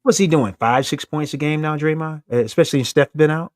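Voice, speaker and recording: A man's voice: on the high side, quick pace, no echo, clean studio sound. A man co-hosting a casual sports talk show, joking, teasing and laughing between points. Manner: laughing, playful trash talk.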